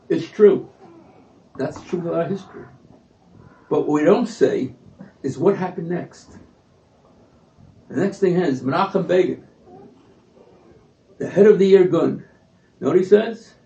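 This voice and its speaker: Gravelly man telling a story in an echoey hall. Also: on the high side, unhurried, pauses often. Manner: animated storyteller acting out quotes. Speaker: speaker at a community event. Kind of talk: storytelling speech. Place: event hall. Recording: distant echoey lo-fi livestream audio.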